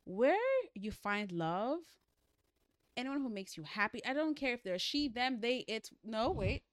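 A young woman co-hosting a casual book chat, animated and dramatic, laughing often. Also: fairly high pitch, unhurried, dry recording. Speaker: podcast co-host.

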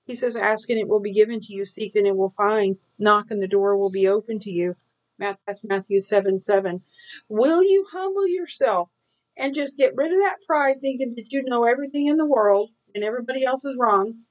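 A woman's voice: medium pitch, brisk, rough recording. A middle-aged woman teaching from the Bible in a sermon style, earnest and full of searching questions.

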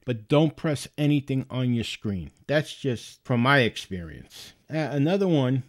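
A man hosting a podcast, chatting casually and rambling through a story, often restarting his sentences. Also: mid-range voice. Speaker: podcast host.

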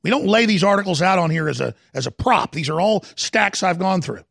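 A man hosting a studio talk show, giving heated political commentary in an emphatic, dramatic way, slowing down to stress points and at times rising to a shout. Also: high-pitched, animated, dry recording. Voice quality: gravelly. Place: broadcast studio.

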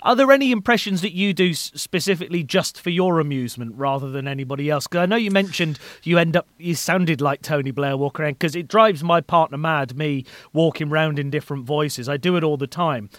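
A chatty man with a fairly high voice hosts the conversation, close on a dry microphone. He asks his questions loosely and pokes fun at himself. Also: fairly quick, hardly any pauses, fairly bright tone, no room sound. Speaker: podcast host and comedian. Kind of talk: casual podcast interview.

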